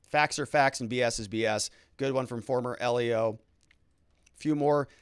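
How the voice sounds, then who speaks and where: A middle-aged man hosting a casual legal livestream, reading viewer comments aloud and reacting with quick, chatty asides. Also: mid-range voice, smooth, no room sound, studio quality. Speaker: lawyer host reading live chat comments.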